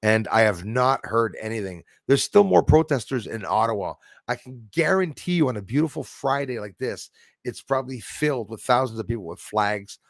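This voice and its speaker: A man chatting on his livestream in a rambling, opinionated way. His voice has a gravelly edge and sits at a middle pitch. The sound is dry and close, with no room around it. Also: animated, normal speed, dry recording. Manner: rambling, opinionated, laughs at his own jokes. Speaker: livestream host. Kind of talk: casual livestream chat reading viewer comments.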